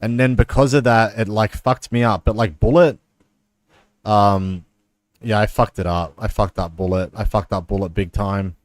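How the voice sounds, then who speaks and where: A man's voice: on the low side, steady tone, normal speed, no room sound. A man streaming chess, chatting casually and telling a long profane story full of fillers. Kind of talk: casual stream chat while playing chess.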